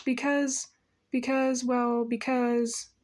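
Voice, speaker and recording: A woman's voice: fairly high pitch, little pitch movement, takes it slowly, a little mellow. A woman voicing a shy, timid rural schoolboy in an audiobook reading, with a hesitant, stammering manner.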